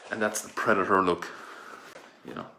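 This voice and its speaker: A man's voice: low-pitched, steady tone, moderate pace, sharp tone, slight background noise. A man doing a vain campy toilet paper fashionista. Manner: campy, breathless, gushing over his look. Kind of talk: improvised comedy sketch. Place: home indoors. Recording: echoey room.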